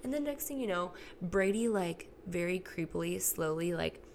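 Chatty gravelly-voiced woman podcast host. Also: on the low side, expressive, moderate pace, slight background noise. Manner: chatty, candid, swears freely, acts out quotes. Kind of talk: casual solo podcast monologue. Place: home, recorded alone.

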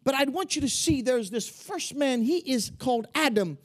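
A man preaching a sermon with fervor, often rising into shouts and peppering his speech with "uh". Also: very high-pitched, lively intonation, moderate pace. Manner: fervent, swelling into shouts, many "uh" fillers.

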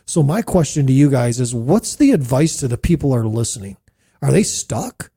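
Middle-aged male podcast host, gravelly and dark-toned, playful and animated. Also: medium pitch, moderate pace. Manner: animated, playful, asks rhetorical questions. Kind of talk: church podcast discussion.

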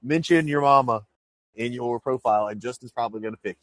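A man's voice: mid-range voice, a little fast, a bit bright, no echo. A man co-hosting a podcast, chatting casually and jokingly, often restarting and repeating words. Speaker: podcast co-host. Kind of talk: casual chat.

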